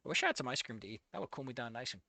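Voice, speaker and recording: A woman casually reacting to a fanfic, exasperated and swearing freely, yelling at the characters, laughing often and trailing off into low mutters. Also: sing-song, racing, dry recording. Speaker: fanfic reader and commentator.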